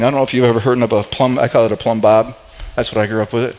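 A man preaching a sermon at a middle pitch, talking to his church in a loose, conversational way. He often repeats and restarts his words as he goes. The recording sounds slightly dull and lo-fi. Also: little pitch movement, fast. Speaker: pastor.

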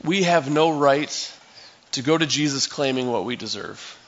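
A man's voice: medium pitch, lively intonation, a little slow, highs cut off. Man preaching a storytelling sermon. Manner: conversational storytelling, acting out scenes. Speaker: pastor.

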